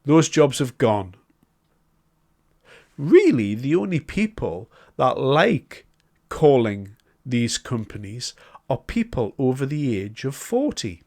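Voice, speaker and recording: A man's voice: mid-range voice, sing-song, slow, darkish tone. A man giving a solo political commentary, talking in a conversational, emphatic way as he builds his argument point by point.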